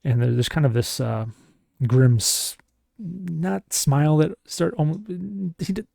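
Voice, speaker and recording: A man's voice: on the high side, animated, a little slow, gravelly, mellow, no echo, clean studio sound. A man narrating a solo tabletop game as game master, casual and meandering with many restarts.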